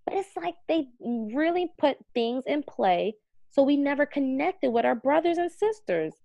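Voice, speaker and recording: Her high, creaky voice has a dark tone and big swings in pitch, delivered at a measured pace in a dry recording whose audio is dull and a bit muffled. She's an American magazine CEO and editor guesting on a casual podcast, chatty and earnest, leaning heavily on "like" and other fillers.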